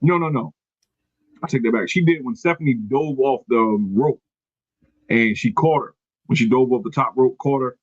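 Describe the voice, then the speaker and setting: A man's voice: medium pitch, moderate pace, dry recording, muffled recording. A man hosting a podcast, recapping casually from his notes, rambling and correcting himself as he goes. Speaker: podcast host. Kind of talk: casual wrestling recap chat.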